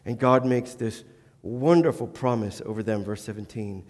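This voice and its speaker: A man's voice: fairly low pitch, moderate pace, darkish tone. A male pastor preaching a sermon earnestly, with flashes of self-deprecating humor, in a church. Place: church sanctuary. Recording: long church-hall reverb.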